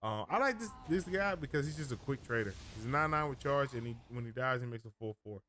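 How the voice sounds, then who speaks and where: A man's voice: mid-range voice, expressive, fast, pushed and bright, a little hiss or hum. A man giving casual gameplay commentary as a streamer, thinking aloud, rambling and often correcting himself mid-sentence.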